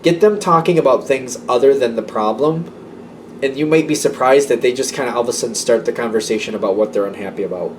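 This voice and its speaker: Recorded from afar with a faint hum of room ambience, a man doing a casual tarot reading speaks at a quick pace in a mid-range voice. His talk is chatty and repetitive, broken up by light laughter, and he sits a little away from the microphone.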